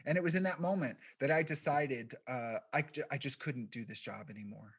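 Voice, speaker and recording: Soft-spoken man telling his story. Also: mid-range voice, slightly rough. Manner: quiet, reflective, with deliberate pauses. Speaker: keynote speaker, podcast founder. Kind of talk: personal storytelling keynote.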